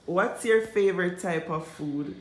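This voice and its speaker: A woman's voice: fairly low pitch, measured pace, slight background noise. A Jamaican woman hosting a casual vlog, asking her coworkers questions and laughing often. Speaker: vlogger host asking questions. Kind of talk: casual group chat. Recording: echoey room.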